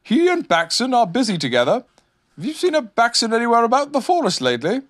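A man's voice: very high voice, huge pitch swings, fast, fairly bright tone, voice pushed up, full character voice. A man voicing a pompous, muddled old male owl in a storybook reading, rambling and hesitant when he speaks.

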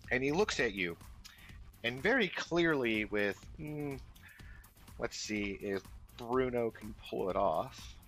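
A man's voice: mid-range voice, animated, slow pace, fairly bright tone, soft background music. A man narrating as game master of a tabletop game, rambling with lots of fillers and restarts.

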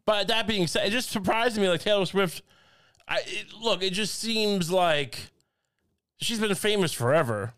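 A man's voice: high voice, unhurried, a bit bright, clear, resonant tone. A man co-hosting a comedy podcast, rambling and stammering through jokes and laughing at his own bits. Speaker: podcast co-host. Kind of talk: casual comedic chat.

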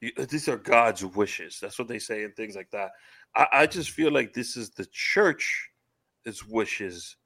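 A man's voice: lowish voice, unhurried, sharp tone. A man in a casual podcast chat, rambling with restarts and self-corrections.

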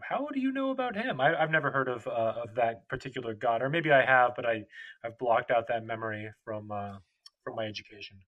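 A man co-hosting a podcast in casual chat who banters quickly and laughs easily. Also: medium pitch, steady tone, narrow, tinny audio. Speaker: podcast co-host.

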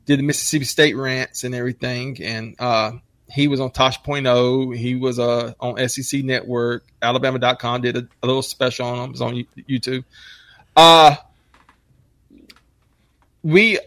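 A man telling crude, rambling stories in casual profane chat. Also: dry recording. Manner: crude, rambling, animated impressions with shrill mocking voices.

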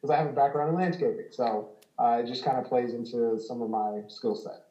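This home repair business host speaks a little fast in a mid-range voice, his relaxed explanations packed with ums and small laughs. The casual chat has a roomy, lo-fi sound.

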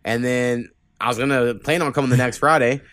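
A man's voice: medium pitch, steady tone, brisk, a bit bright, dry recording, studio quality. A young man hosting a podcast, telling rambling stories in casual chat, swearing a lot and laughing as he goes. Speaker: podcast host.

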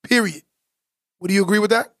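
A man's voice: sits high, a little fast, no room sound, clean studio sound. A man co-hosting a casual podcast, talking emphatically and preachily, repeating points for stress. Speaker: podcast co-host.

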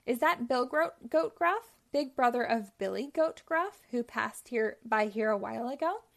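A polite, self-pitying storybook troll, read aloud by a woman with a fairly high voice. He sounds calm and reasonable as he asks for his toll. It is a picture book read aloud to children. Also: measured pace. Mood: insistent. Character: polite, self-pitying male troll who collects tolls.

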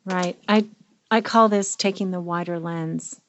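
A woman's voice: on the low side, fairly even intonation, measured pace. A woman, a therapist co-hosting a podcast, speaking in an earnest, personal way. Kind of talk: casual podcast conversation.

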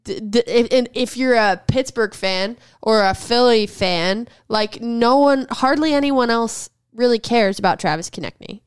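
A woman co-hosting a casual sports podcast, with a smooth, clear voice pitched a little high. She argues bluntly and firmly, pushing back hard on her co-host's picks. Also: a little slow, hardly any pauses. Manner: assertive and blunt, pushes back with firm opinions. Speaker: podcast co-host. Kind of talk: casual sports debate chat.

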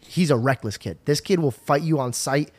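A man's voice: fairly high pitch, normal speed. A male comedian in casual podcast chat, laid-back, swearing and calling people bro.

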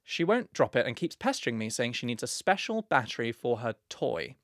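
A man's voice: medium pitch, sing-song, fairly quick, a bit bright, no room sound, clean studio sound. A young man co-hosting a podcast, reading listener letters in a camp, playful way. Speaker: podcast co-host.

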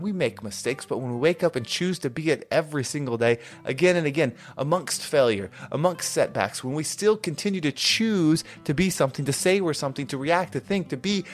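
A man hosting a motivational podcast, speaking in an earnest, emphatic and repetitive way. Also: fairly high pitch. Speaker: podcast host. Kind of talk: motivational monologue. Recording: faint music underneath.

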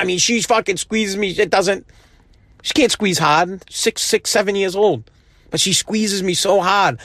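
A man's voice: high-pitched, a bit bright, dry recording. A man in his thirties from the United States, delivering a heated, profane, emphatic monologue with frequent restarts. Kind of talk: impassioned monologue.

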